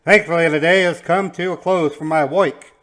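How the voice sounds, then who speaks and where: A man's voice: fairly high pitch, fairly even intonation, moderate pace, a bit bright. A man hosting a live stream, greeting viewers casually with lots of fillers. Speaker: stream host.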